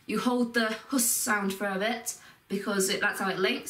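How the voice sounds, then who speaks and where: Woman, recitation teacher, patient careful explaining, drawn-out sounds, distant mic, roomy echo. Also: on the high side, fairly even intonation, a bit bright. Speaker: Quran teacher. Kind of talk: step-by-step recitation lesson. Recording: echoey room, voice from a distance.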